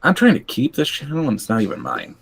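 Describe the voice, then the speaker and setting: A man's voice: medium pitch, wildly swooping pitch, fast, vocal fry, fairly bright tone, a little hiss or hum. A man chatting casually on a podcast, rambling with lots of fillers, cracking crude jokes and laughing often. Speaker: podcast co-host. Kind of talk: casual chat.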